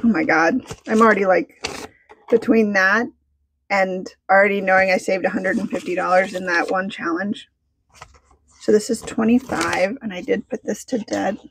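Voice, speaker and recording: Bubbly woman vlogger, mid-pitched voice, chatty and excitable while counting money. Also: moderate pace, a little hiss or hum. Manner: bubbly, excitable, talks to herself as she counts. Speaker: budgeting vlogger. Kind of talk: casual vlog chat while counting cash.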